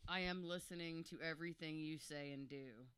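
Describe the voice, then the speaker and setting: A man's voice: a little high, steady tone, a little fast, fairly bright tone, clear, resonant tone, no echo. A man in his forties, overwhelmed and joking, rambling through thank-yous to friends at his birthday roast. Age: 40s. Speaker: birthday roast guest of honor.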